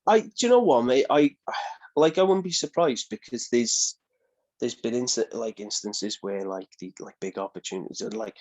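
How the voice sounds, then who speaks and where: A man, a wrestling guest, telling lively stories in a casual interview and acting out the people he quotes. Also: mid-range voice, normal speed.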